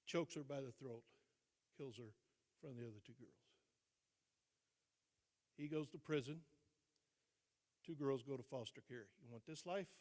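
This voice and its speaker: An older man, a retired teacher and coach, telling stories as a guest speaker, with dramatic pauses and repeated phrases for emphasis. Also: mid-range voice. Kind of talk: motivational storytelling speech. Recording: long reverb in a large hall.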